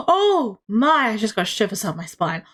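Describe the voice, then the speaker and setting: Excitable woman gaming streamer. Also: medium pitch, normal speed. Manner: excitable, expressive, swearing. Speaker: let's play streamer. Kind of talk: casual game commentary.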